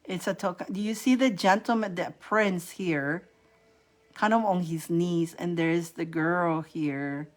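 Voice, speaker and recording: A woman hosting a casual live-stream spiritual reading. She is chatty and animated, repeats herself and laughs often. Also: lowish voice, unhurried. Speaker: host giving psychic readings.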